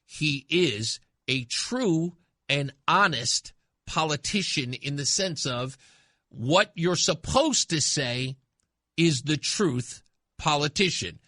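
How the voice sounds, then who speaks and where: Male radio host, bright and cutting tone, dry booth sound, emphatic commentary. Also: fairly high pitch, lively intonation, slow pace, dry recording. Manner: emphatic and impassioned, swings from loud to hushed. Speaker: radio talk show host.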